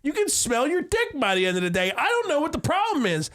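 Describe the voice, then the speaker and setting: A man's voice: extremely high pitch, huge pitch swings, quick pace, a bit bright. A young man co-hosting a casual comedy podcast, swearing a lot and telling crude jokes and stories. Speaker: podcast co-host.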